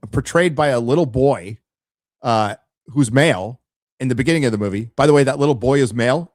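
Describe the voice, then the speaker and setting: A man's voice: mid-range voice, a little mellow, no echo. Man, livestream host, blunt ranting commentary, stumbling restarts, dry close sound. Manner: addresses chat directly. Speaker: live show host. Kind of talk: casual opinionated livestream commentary.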